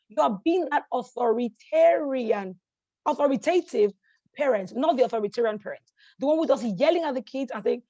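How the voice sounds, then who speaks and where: High-voiced woman coaching with energy. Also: brisk, no room sound, lo-fi sound. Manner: energetic, encouraging, keeps checking in with the audience; repeats phrases for emphasis. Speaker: life coach hosting a masterclass. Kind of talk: motivational teaching talk.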